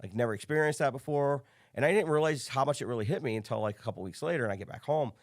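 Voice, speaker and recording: Speaking rapid-fire in a mid-range voice, this man guests on a laid-back podcast interview. He's a business coach in his thirties from around Chicago, and he tells stories with animation, performing the lines he quotes.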